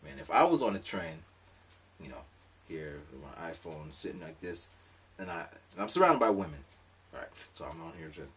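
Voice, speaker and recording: A man's voice: very deep voice, sing-song, moderate pace, a bit bright, slightly rough, distant mic. A man telling a rambling, comic story in a casual monologue, full of asides. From lives in Japan.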